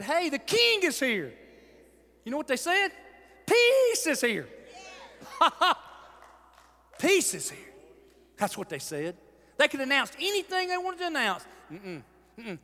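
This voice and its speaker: Man, pastor, sermon, high voice, very lively pitch, shouts and hushes, long reverb. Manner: animated, swings from shouting to hushed. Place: large church hall.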